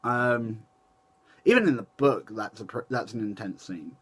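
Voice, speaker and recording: A man's voice: on the low side, moderate pace, husky. A young man chatting casually to camera in a rambling way, often restarting and correcting himself. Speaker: vlogger.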